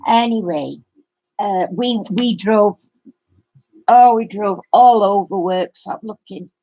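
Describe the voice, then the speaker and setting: A woman's voice: medium pitch, slow, dark tone, no echo. Rambling woman, muffled. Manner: rambling storyteller. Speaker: craft channel host. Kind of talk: casual live-stream chat. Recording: dry, muffled lo-fi sound.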